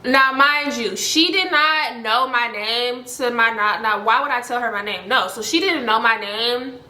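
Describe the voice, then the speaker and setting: Bright-voiced young woman telling a story. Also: a little slow, echoey room. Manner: animated, heavy use of "like", voices other people with high pitch jumps. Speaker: storytime vlogger. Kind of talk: casual storytelling.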